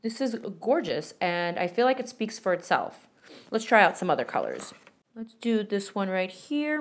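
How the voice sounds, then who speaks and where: A woman's voice: medium pitch, expressive, normal speed. A young woman beauty vlogger chatting enthusiastically through a makeup tutorial and product review, with playful asides.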